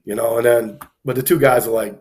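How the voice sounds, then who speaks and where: A man casually telling an anecdote on a live stream, animated, acting out the people he quotes, with plenty of fillers. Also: mid-range voice, brisk.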